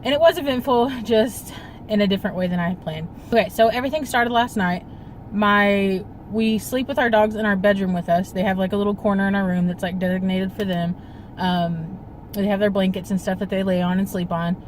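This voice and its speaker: A woman's voice: mid-range voice, steady tone, a little fast, slight background noise, low-quality recording. A young woman telling a personal story to her phone camera in a casual vlog, rambling with many fillers and trying not to cry. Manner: rambling, full of fillers, fighting back tears. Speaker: vlogger.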